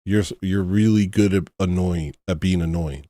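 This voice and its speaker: Male livestream host, lowish voice, close dry mic, sarcastic and weary. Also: normal speed, mellow, no room sound. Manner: sarcastic, exasperated, mocking. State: tired. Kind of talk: casual livestream talk.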